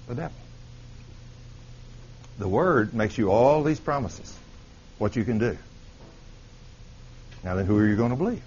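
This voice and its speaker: A man's voice: fairly low pitch, darkish tone. A man preaching a sermon, telling a testimony story with quoted dialogue and rising to emphatic peaks. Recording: dull lo-fi sermon recording with faint hiss.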